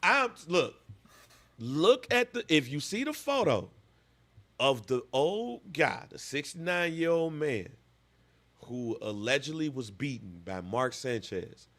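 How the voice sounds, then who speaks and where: A man's voice: mid-range voice, big pitch swings, takes it slowly, a bit bright. A man in his thirties, a podcast co-host, telling a story with lots of animation and acting out voices in casual chat.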